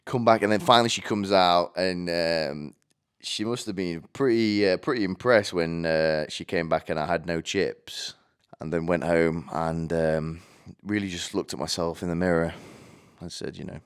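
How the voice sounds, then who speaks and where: His low voice is clear and resonant, at a moderate pace. A British podcast host in his twenties, he rambles through a self-deprecating story laced with coarse slang.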